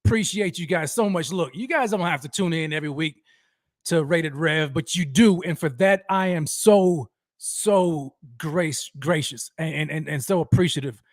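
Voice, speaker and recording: Hyped high-voiced male livestream host. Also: normal speed, no room sound, clean studio sound. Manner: hyped, energetic shout-outs to viewers. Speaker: host of a sports fan livestream. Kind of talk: livestream roll call chat.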